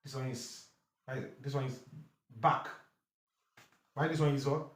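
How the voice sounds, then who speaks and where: A man's voice: medium pitch, steady tone, a little mellow. A man teaching English vowel sounds, saying each word over and over with short explanations in between. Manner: repeats words slowly, drilling pronunciation. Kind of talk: phonics lesson. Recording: echoey room.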